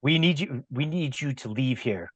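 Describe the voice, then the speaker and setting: A man's voice: medium pitch, lively intonation, moderate pace, fairly bright tone, breathy edge, dry recording, highs cut off. A man voicing a cold, stern male cleric in a tabletop game, curt and formal.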